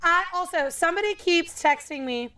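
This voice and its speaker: A woman's voice: very high-pitched, moderate pace, pushed and bright. A young woman co-hosting a casual youth group live stream from home, chatty, playful and often apologetic. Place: home with small children.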